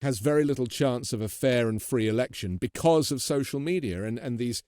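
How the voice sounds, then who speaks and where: A man's voice: mid-range voice, fairly quick, mellow, no room sound. An English man with an English accent, a podcast host talking in an earnest, chatty way who repeats words as he starts a thought. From England. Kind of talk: casual interview talk.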